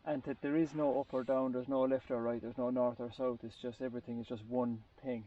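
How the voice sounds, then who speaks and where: Gravelly rambling man, distant and muffled. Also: mid-range voice, flat delivery, brisk. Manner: rambling, searching for words with restarts. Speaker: group participant. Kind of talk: casual storytelling in a group chat.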